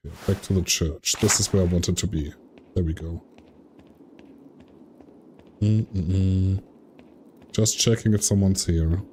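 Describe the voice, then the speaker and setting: Man, streamer, casual game commentary, self-deprecating, mellow voice, faint hiss. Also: low-pitched, fairly even intonation, slow, long pauses.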